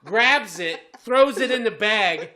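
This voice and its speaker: A man co-hosting a comedy podcast who tells a profane, animated story and keeps laughing as he talks. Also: sits high, slow, crowd noise. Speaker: podcast co-host.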